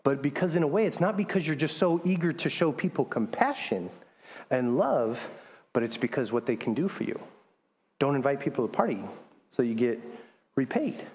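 A man's voice: mid-range voice, lively intonation, normal speed, a little mellow. A man preaching a sermon as pastor, talking in a conversational way and reading scripture aloud. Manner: conversational, restarts often, reads scripture aloud. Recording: long hall reverb.

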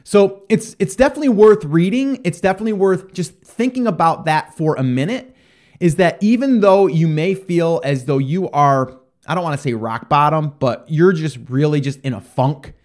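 Chatty man with a slightly high voice. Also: animated, normal speed, darkish tone. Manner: rambling, conversational, many fillers and restarts. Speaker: parent talking to listeners. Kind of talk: casual motivational talk.

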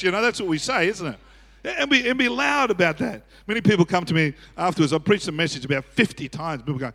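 High, bright-voiced preacher man. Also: fast talker, vocal fry. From Australia. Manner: animated preaching, swinging from quiet asides to shouting, chuckles often. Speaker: pastor. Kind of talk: sermon. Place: church auditorium. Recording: echoey church hall.

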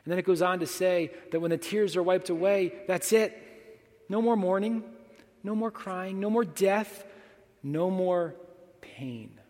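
A young adult man preaching a sermon as pastor, moving between firm proclamations and soft, hushed lines. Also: high voice, steady tone, unhurried. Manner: dynamic, swings between loud proclamation and hushed near-whisper. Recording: long hall reverb.

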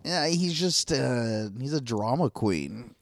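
A man's voice: medium pitch, lively intonation, slow pace, no room sound, studio quality. A man in casual chat recapping a reality show, laid-back and wry, swearing casually.

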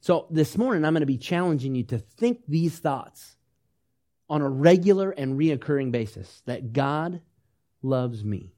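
A man preaching a sermon to his congregation, swinging between loud, urgent emphasis and hushed, tender asides, asking questions and leading them in repeating phrases. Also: on the high side, animated, measured pace. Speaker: pastor.

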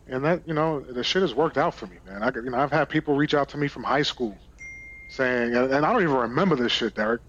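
A man's voice: mid-range voice, fairly quick, lo-fi sound. A man from Brooklyn, a podcast guest telling stories in a candid, casual way and swearing freely. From Brooklyn, New York. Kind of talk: casual storytelling.

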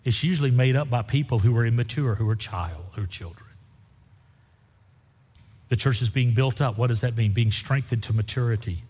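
A man's voice: a little fast, breathy edge. A pastor preaching a sermon, telling folksy stories with big swings in his voice. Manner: folksy storytelling with lively swings in pitch. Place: church sanctuary. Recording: echoey hall with long reverb.

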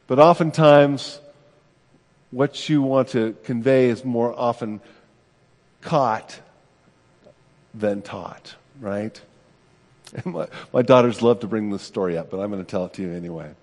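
A man's voice: mid-range voice, measured pace, long pauses, a little mellow, in a large hall. A middle-aged man, a pastor, preaching a sermon in a conversational, self-deprecating way, often checking in with "right?".

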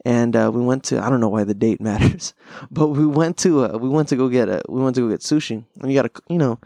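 A man's voice: mid-range voice, fast talker, gravelly, warm tone, dry recording. A young man hosting a podcast, chatting casually in a rambling, profane way, laughing often. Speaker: podcast host. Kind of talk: casual chat.

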